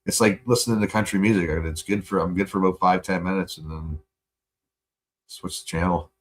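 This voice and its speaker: A man's voice: deep voice, steady tone, fairly quick. A male livestream host in a profane, rambling casual rant, laughing often.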